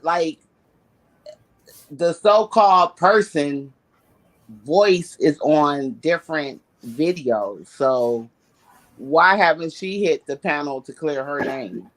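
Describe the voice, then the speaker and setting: A tipsy woman calling into a live-stream chat, talking slowly and bluntly with slang. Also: low-pitched. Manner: slow, blunt, slangy talk. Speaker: caller.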